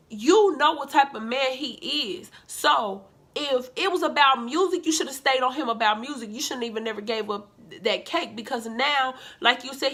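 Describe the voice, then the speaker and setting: A woman vlogger, reviewing a reality show in sassy, animated casual commentary and calling her viewers "honey.". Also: on the high side.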